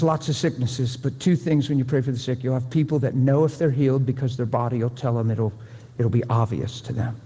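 A man's voice: mid-range voice, mellow. A man preaching a sermon to a room, folksy and conversational, pleading with his listeners. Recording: long hall reverb.

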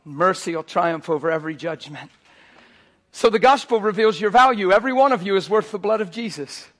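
A man preaching a sermon, animated and swinging between quiet asides and near shouts. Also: high-pitched, brisk.

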